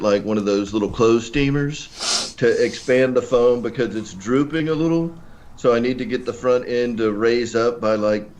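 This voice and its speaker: A man appearing as a guest on a casual livestream, speaking in a relaxed, matter-of-fact way as he talks through a repair plan. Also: medium pitch. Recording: dull lo-fi remote line.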